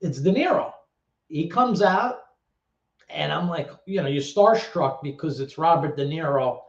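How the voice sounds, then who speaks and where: A man in his thirties, a guest telling a story in a casual interview, lively, swearing, and acting out other people's voices. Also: a little high, a little slow, vocal fry. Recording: echoey, dull lo-fi sound.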